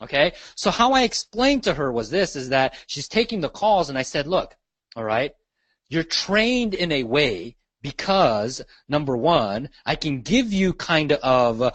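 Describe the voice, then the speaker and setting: A man's voice: on the high side, no echo. A man leading a real estate marketing training call, talking in a conversational way and checking in with the group after nearly every point. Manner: conversational, repeats questions, lots of "right?" and "okay?". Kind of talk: live training call, teaching.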